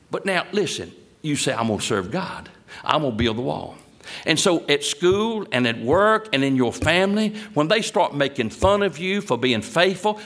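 A man preaching a sermon, reading scripture slowly and then rising into loud, emphatic exhortation. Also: fairly high pitch. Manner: reads old scripture in a slow solemn cadence.

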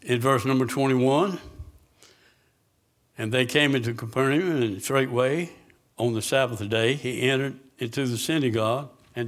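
A man preaching a sermon, asking the congregation questions and answering them himself. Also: medium pitch.

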